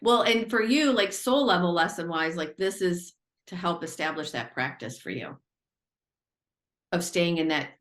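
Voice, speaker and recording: A woman giving an intuitive reading on a podcast over a video call, speaking gently with lots of "like". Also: lowish voice, expressive, normal speed. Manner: gentle, filler-heavy, relaying messages. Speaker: psychic reader. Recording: roomy call audio.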